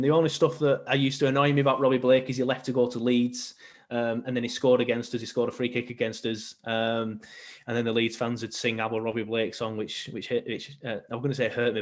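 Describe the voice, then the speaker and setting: A young man, chatting casually as a podcast guest, rambling with many ums and restarts. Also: mid-range voice. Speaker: podcast guest, football fan. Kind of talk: casual chat.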